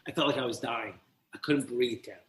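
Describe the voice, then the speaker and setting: A man, a podcast guest and recovery mentor, telling his personal story in an animated, profane way and acting out the voices of people in it. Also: medium pitch, brisk, noisy background. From New Jersey. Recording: roomy echo.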